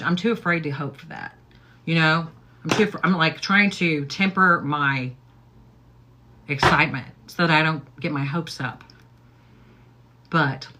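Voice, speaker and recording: A woman's voice: sits low, pushed and bright, a little hiss or hum. A middle-aged woman hosting a casual get-ready-with-me livestream, talking in a rambling way with lots of "okay?" and "like". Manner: chatty, rambling, repeats "okay?" and "like". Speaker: livestream host.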